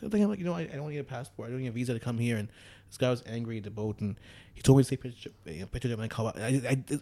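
A man's voice: mid-range voice, dark tone. A man telling a travel story to friends in a casual chat, acting out the voices and laughing often.

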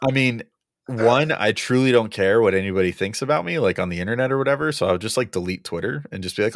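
A young man co-hosting a casual podcast chat, halting and full of ums and uhs, chuckling often. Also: on the low side. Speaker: podcast co-host.

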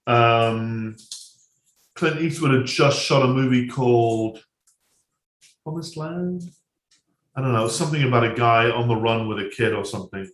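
Male director guest, rambling anecdotes, mid-pitched, echoey room. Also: measured pace, long pauses. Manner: rambling, many restarts and asides, laughs at own jokes. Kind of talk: casual anecdote-telling.

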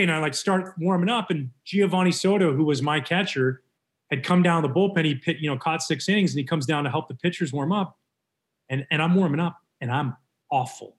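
Animated man telling a story. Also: a little high, brisk. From Canada. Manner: animated, lively retelling with voiced quotes. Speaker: guest, former pitcher. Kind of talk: casual storytelling.

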